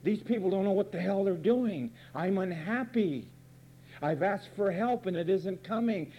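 A man's voice: sits high, normal speed, dull audio, a little hiss or hum. A man preaching a fiery, sarcastic sermon from the pulpit, emphatic and blunt. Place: church pulpit.

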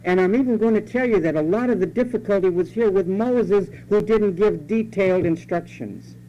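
A man's voice: high voice, moderate pace, mellow. Emphatic preacher man, lo-fi hum. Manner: emphatic preaching, repeats key phrases, rhetorical questions. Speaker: pastor. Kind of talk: sermon. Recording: dull lo-fi sermon recording with faint hum.

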